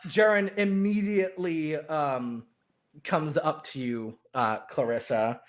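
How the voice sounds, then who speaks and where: A man's voice: on the high side, takes it slowly. A man narrating a tabletop role-playing game as game master, hesitant and full of fillers.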